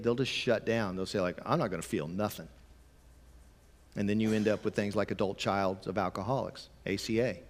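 A man preaching a conversational sermon, sometimes emphatic and sometimes dropping to a quiet, low voice. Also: in a large hall. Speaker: pastor.

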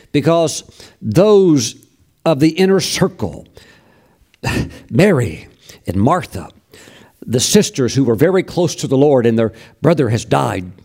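A male pastor preaches with a mellow, dark tone, yet his pitch leaps and dips constantly as he drives each point home. He repeats phrases and restarts often, slipping into high, pleading voices to act out the people in his story. The delivery sits a little above a typical man's pitch. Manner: emphatic preaching, acting out voices of mourners. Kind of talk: sermon.

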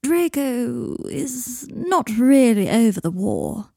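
Storybook read: woman voicing a languid, teasing young wizard; raised pitch, unhurried drawl, dry close sound. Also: lively intonation, gravelly, mellow, dry recording, exaggerated voice. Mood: sly. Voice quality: slow drawling delivery. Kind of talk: fan fiction audiobook reading.

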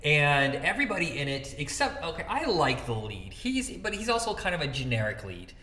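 Bright-voiced man from Indiana, echoey room. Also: a little high, a little fast. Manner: animated, swearing, laughs often. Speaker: podcast co-host. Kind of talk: casual movie podcast chat. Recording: echoey room with long reverb.

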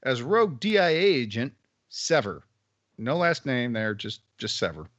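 A man's voice: mid-range voice, very animated, normal speed, fairly bright tone, no echo. A man hosting a casual podcast chat who walks through the rundown with wry, joking asides. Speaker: podcast host. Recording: dull lo-fi audio.

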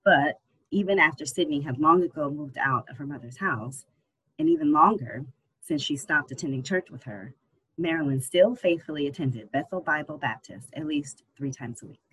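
An audiobook narrator tells a novel in a steady, even storytelling manner. The voice is husky and sits at a middling pitch. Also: poor audio. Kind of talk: scripted narration.

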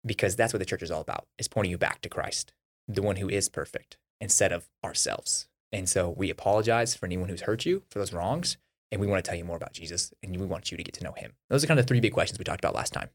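Young man, deep low voice, rapid delivery, casual faith podcast co-host. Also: expressive.

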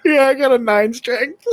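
A man's voice: extremely high pitch, a little slow, dry recording. A man playing in a tabletop game, chatting casually in a rambling, hesitant way with many restarts. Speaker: player.

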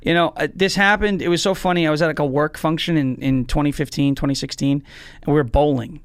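A man's voice: on the high side, quick pace, dry recording, clean studio sound. A man chatting animatedly as a podcast guest, telling stories. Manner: animated, storytelling. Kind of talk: casual interview chat.

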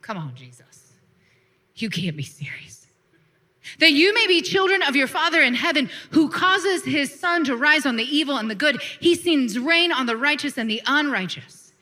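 A woman preacher with a high, bright voice delivers an animated sermon. She mixes plain talk with playful asides and calls for the congregation to answer back. Her delivery is warm-humored and energetic. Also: normal speed, few pauses. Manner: lively preaching with laughs, call-and-response asides. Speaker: pastor.

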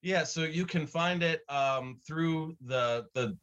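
A man's voice: a little high, slow pace, a bit bright, clean tone, highs cut off. A man, a guest on a talk show, explaining his views in an earnest, reflective way. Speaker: guest from a Bible study center. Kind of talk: conversational interview.

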